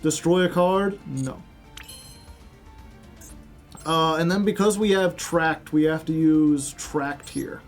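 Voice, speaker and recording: A man with a high-pitched voice streaming a card game. He chats casually with viewers, rambles and turns each move into a silly tale. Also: slow, long pauses, soft background music. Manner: rambling, joking, spins silly stories.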